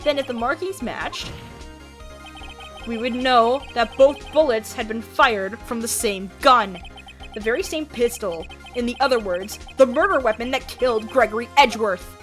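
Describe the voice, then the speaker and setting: A woman's voice: a little high, moderate pace, fairly bright tone, faint music behind, lightly acted. Woman reading a determined young defense attorney. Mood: pressing. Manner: firm, methodical courtroom argument.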